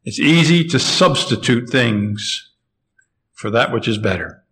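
A man preaching an expository sermon, measured and emphatic, slowing down to stress key phrases. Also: mid-range voice, expressive, fairly bright tone, low-quality recording.

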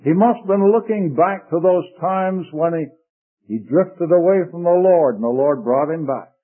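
An older man preaching a sermon slowly and deliberately, sinking into a hushed low voice when he speaks scripture. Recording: tinny lo-fi radio broadcast.

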